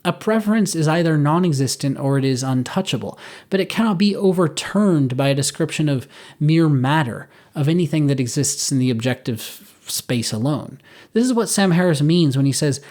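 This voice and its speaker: Guy doing a philosophy video essay, earnest, thinking out loud, fixes his own wording. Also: on the high side, moderate pace. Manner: earnest, reasoning aloud, self-correcting. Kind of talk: scripted philosophical monologue.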